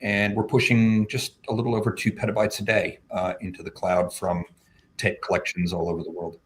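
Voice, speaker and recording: A man's voice: lowish voice, flat delivery, fairly quick. A man with an American accent, a company founder and guest, talking casually on a video call in an upbeat, joking way. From Australia. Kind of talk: casual livestream chat. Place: home, at night.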